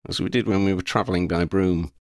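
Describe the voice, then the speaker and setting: A man voicing a sensible young wizard who speaks in a dry, measured way. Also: sits low, fairly even intonation, no room sound, close to an everyday voice.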